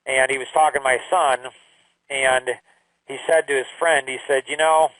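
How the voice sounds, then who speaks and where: A man's voice: mid-range voice, flat delivery, moderate pace, a bit bright, dry recording, poor audio. A middle-aged man telling parenting stories in a casual, conversational way, repeating phrases and acting out quotes. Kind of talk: casual storytelling talk.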